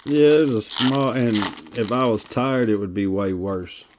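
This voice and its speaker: A man's voice: mid-range voice, unhurried, noisy background. A man with a Tennessee Southern accent hosting a live card break, reading off player names in a laid-back drawl while chatting with viewers. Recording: lo-fi stream audio.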